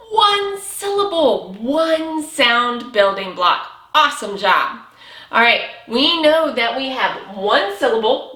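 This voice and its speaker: A woman teaching young children to read, speaking slowly and cheerfully with lots of praise. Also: high-pitched, pushed and bright, reverberant. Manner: slow, exaggerated, encouraging teacher talk with praise. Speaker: preschool teacher. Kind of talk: early reading lesson for young children.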